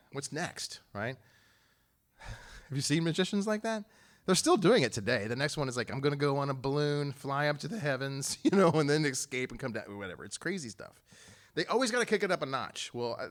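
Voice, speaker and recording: Animated man preaching a lively sermon. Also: brisk. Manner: animated storytelling, acting out quotes with jumps in pitch and volume; conversational, joking asides to the congregation. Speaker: pastor.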